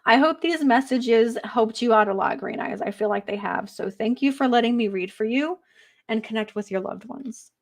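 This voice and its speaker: A woman working as a psychic medium in a live online reading, speaking gently and emotionally and pausing often with fillers. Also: on the high side, vocal fry.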